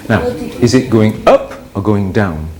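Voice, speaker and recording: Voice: mid-range voice, expressive, a little slow, a crowd in the background. A teacher drilling pronunciation in class, with a voice that swings up and down a lot as it models rising and falling phrases. Students can be heard around them in the room.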